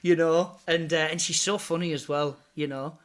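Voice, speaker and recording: A man's voice: fairly high pitch, fairly even intonation, normal speed. A man who works as an impressionist and comedian, chatting casually in an interview, laughing often and saying "you know" a lot.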